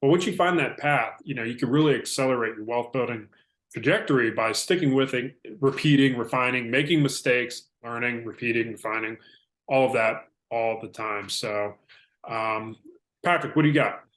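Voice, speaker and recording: A man's voice: medium pitch, moderate pace, a bit bright. Upbeat man co-host in a roomy echo. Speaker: podcast co-host. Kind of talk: casual podcast chat.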